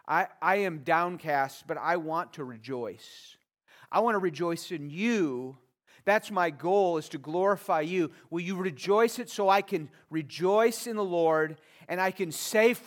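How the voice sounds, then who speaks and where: Man, pastor, sermon, high voice, unhurried delivery, earnest rising pleas. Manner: reads scripture then explains it, voice rising in earnest pleas.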